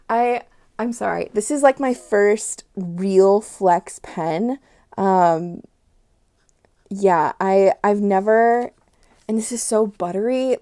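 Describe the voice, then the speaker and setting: Woman host, casual review vlog, mellow gravelly voice, gushing and excitable. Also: medium pitch, slow pace. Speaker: stationery channel host.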